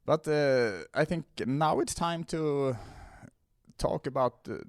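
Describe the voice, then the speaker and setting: A man's voice: fairly high pitch, takes it slowly, dry recording, studio quality. A man whose first language is Swedish, hosting a comedy podcast in a casual chat, hesitant with many fillers and restarts.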